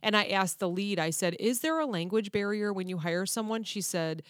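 A woman's voice: medium pitch, lively intonation, moderate pace, a bit bright, dry recording, clean studio sound. A woman co-hosting a podcast, telling self-deprecating stories in casual chat. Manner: chatty, self-deprecating storyteller. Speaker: podcast co-host.

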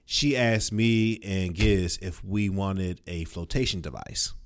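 A man in his thirties, a father, telling stories in a relaxed casual chat. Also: low-pitched, takes it slowly. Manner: laid-back storytelling with mimicked quotes.

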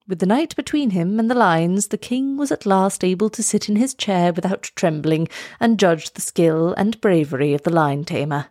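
A woman reading a children's storybook aloud in a measured, expressive way. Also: lowish voice, no echo, clean studio sound.

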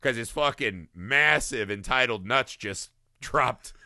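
A man co-hosting a casual movie review chat, talking in an animated way, acting out lines from scenes, laughing often and swearing. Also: mid-range voice, slow, no echo. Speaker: podcast co-host.

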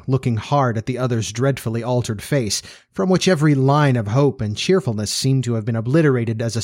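A man narrating a story in a measured, steady reading style. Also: medium pitch, no room sound, clean studio sound.

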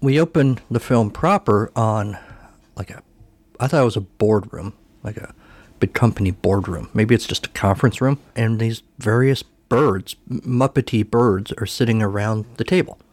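A man's voice: lowish voice, moderate pace, darkish tone, dry recording. A man hosting a podcast, recapping a film casually in a rambling, self-correcting way. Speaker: podcast host.

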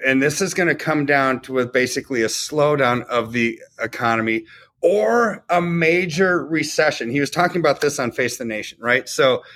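Casting: man, podcast co-host, mid-pitched, conversational explainer who leans on "right?". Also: moderate pace, a bit bright. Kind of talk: casual commentary on economics.

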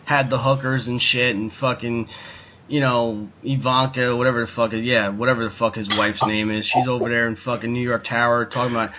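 A man's voice: medium pitch, fairly even intonation, brisk, sharp tone, a little hiss or hum, poor audio. Profane ranting man. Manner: swears constantly, rambling, fillers like "like". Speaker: podcast co-host. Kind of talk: profane casual rant.

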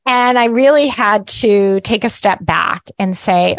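A woman gives a casual spiritual teaching, talking chattily and tossing in "right?" as she goes. Her voice sits in a middle pitch and laughs come easily. The sound is dry and close. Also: takes it slowly, no room sound. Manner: chatty, often ends with "right?"; lively, laughs at herself.

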